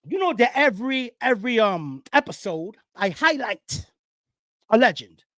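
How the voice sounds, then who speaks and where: A man hosting a casual football talk show, his voice rising and falling animatedly as he lectures and hypes his audience. He lets out whoops of excitement. The sound is dry, with no room echo. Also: extremely high pitch, normal speed. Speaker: sports show host. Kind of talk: casual sports talk monologue.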